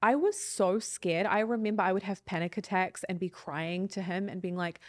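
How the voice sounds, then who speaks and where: A woman in her thirties, appearing as a podcast guest, tells a personal story candidly, reflectively and earnestly. Her mid-range voice moves at normal speed with hardly any pauses. The sound is clean studio audio with no room sound.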